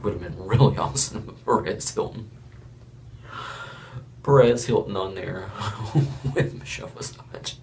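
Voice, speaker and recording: Man, from Florida, casual show review, blunt and rambling, gravelly voice, faint background hiss. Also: sits low, a little slow, long pauses, darkish tone. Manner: blunt, rambling, chuckling asides.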